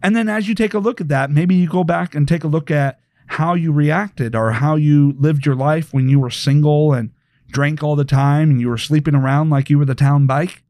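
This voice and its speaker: A man's voice: on the high side, moderate pace, darkish tone, no echo, clean studio sound. A man hosting a podcast, lecturing his listeners in a provocative way and firing rhetorical questions at them. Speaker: podcast host. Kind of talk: opinionated podcast monologue.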